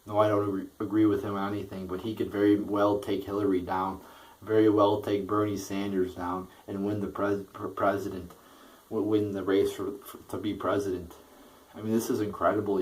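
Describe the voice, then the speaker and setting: A man's voice: lowish voice, distant mic, poor audio. A man giving a heated, profane political rant that often stumbles over and repeats its words. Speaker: political vlogger. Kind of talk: ranting political commentary.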